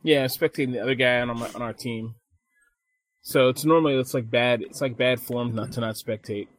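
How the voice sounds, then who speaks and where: Profane, animated man telling a story. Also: mid-range voice, brisk. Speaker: podcast co-host. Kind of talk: casual chat.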